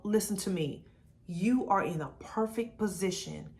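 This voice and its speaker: A woman in her forties giving a lively, chatty talk about her faith to camera, calling the viewer baby and girl. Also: medium pitch, a little slow. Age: 40s. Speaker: vlogger sharing her testimony.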